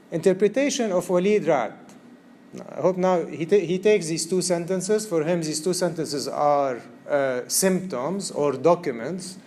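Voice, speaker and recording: Male art lecturer, slightly raised pitch, warm tone, rambling with fillers, classroom check-ins. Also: slight background noise. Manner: discursive, many fillers, checks students follow him. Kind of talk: recorded university-style lecture.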